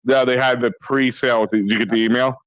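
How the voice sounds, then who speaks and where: A man talking sports on a podcast, excitable and rambling with many restarts. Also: mid-range voice, fairly quick, smooth, no echo, low-quality recording. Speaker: podcast co-host. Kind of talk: casual sports chat.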